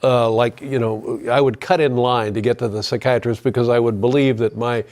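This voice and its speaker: Male talk show guest, wry and hesitant, self-mocking, mid-pitched voice. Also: fairly even intonation, normal speed, a little mellow. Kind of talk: casual talk show chat.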